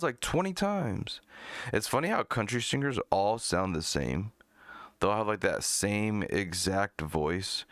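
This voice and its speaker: A man's voice: on the low side, animated, slow, fairly bright tone, no room sound, clean studio sound. A man hosting a live music-review stream, talking bluntly and profanely with mocking asides. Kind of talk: casual live-stream chat.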